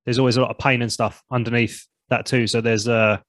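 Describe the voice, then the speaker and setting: A man's voice: mid-range voice, level tone, brisk, a bit bright, no room sound. A man chatting as a podcast guest, a former comedian and vocal coach, talking loosely and swearing freely, often trailing off and restarting. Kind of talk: casual chat.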